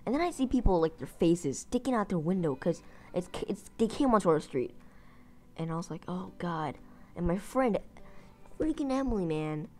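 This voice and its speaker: A woman's voice: lowish voice, animated, normal speed, warm tone. A woman telling a story in a casual vlog, rambling with lots of fillers and restarts. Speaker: gaming channel host.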